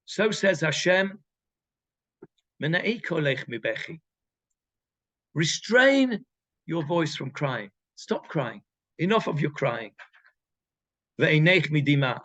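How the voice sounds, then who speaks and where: A man's voice: a little high, fairly bright tone, lo-fi sound. A man, a rabbi leading an informal text class, reading verses and translating them with emphatic repetition. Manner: emphatic, repeats phrases, reads verses then translates. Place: community room with a group.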